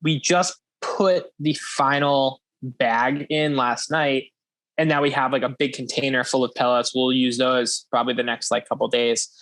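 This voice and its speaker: A man's voice: mid-range voice, steady tone, moderate pace, a bit bright. A young man hosting a podcast, chatting casually and rambling with frequent swearing and laughter. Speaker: podcast host. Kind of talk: casual chat.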